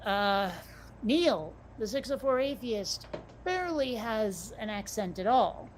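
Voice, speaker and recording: A woman co-hosting a casual chat, talkative and quick to swear, often restarting her sentences. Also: a little high, animated, a little hiss or hum.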